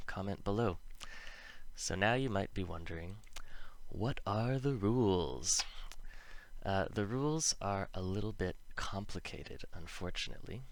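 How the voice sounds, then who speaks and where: A man teaching English pronunciation, explaining patiently and stressing each example word with care. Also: low voice. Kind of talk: explanatory lesson with slow example words.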